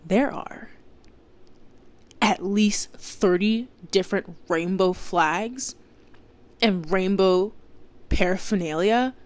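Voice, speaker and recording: A young woman hosting a podcast, telling a story in casual chat, exasperated and swearing, with lots of filler words. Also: mid-range voice. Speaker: podcast host.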